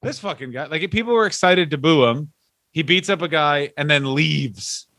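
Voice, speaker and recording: A man's voice: on the high side, moderate pace, sharp tone, no echo. A man from Canada co-hosting a podcast, riffing profanely in casual comedic chat and acting out the people he describes. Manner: riffing, profane, mock-acts quoted people. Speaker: podcast co-host.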